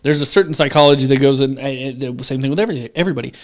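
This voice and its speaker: A man's voice: medium pitch, rapid-fire. A young man hosting a podcast, chatting casually, rambling and swearing freely. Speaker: podcast host. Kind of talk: casual chat.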